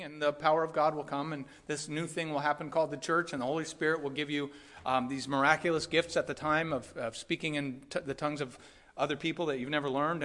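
Middle-aged male pastor, sermon delivery, bright tone, earnest and emphatic. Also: fairly high pitch. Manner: earnest, repeats words, rising to emphatic peaks.

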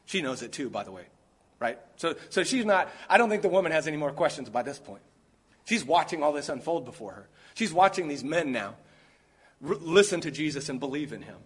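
A man's voice: fairly high pitch, very animated, a little fast, slightly rough. A man preaching a sermon while sick, stressing his points by stacking and repeating key words.

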